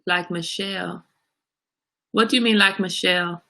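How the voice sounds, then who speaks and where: A woman with a low, gravelly voice chats on a livestream. Her tone is bright and edgy as she talks back to viewers by name. She is animated and casual. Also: normal speed. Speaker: livestream host. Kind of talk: casual chat reading viewer comments.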